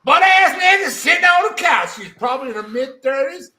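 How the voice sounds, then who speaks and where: A man's voice: very high-pitched, animated, a little fast, pitched above the performer's own voice, full character voice. A man reading a story aloud in an exaggerated, drawling Southern US accent as a rowdy service tech. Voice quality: loud, whooping, drawling.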